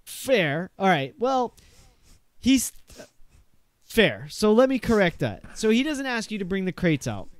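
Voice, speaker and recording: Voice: medium pitch, big pitch swings, a little slow, dry recording, studio quality. A game master running a tabletop game, narrating with many hesitations and fillers.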